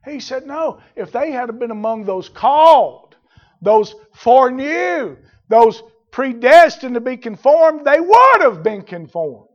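A man with a fairly high voice preaches in a drawl. He swings from low, plain talk to loud, shouted fervor, using folksy turns of phrase. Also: big pitch swings, slow pace, lo-fi sound. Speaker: pastor. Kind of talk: sermon.

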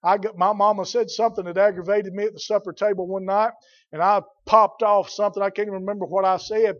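Male preacher, plainspoken sermon, high voice, muffled old recording. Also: little pitch movement, fast. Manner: folksy, blunt, builds to shouting.

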